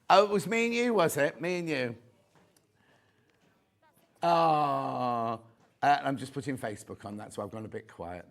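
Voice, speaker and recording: A man with a British accent hosting a live shopping channel, chatting and reading out viewer comments. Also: a little high. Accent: British English. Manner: chatty, camp asides, reads viewer comments aloud. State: a bit out of breath. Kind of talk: live TV sales presenting.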